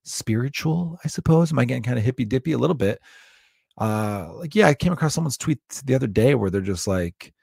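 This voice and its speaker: A man's voice: medium pitch, expressive, brisk, vocal fry, a little mellow, slightly rough, no echo, clean studio sound. A man in his thirties hosting a podcast, rambling and joking in a casual monologue, swearing freely. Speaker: podcast host.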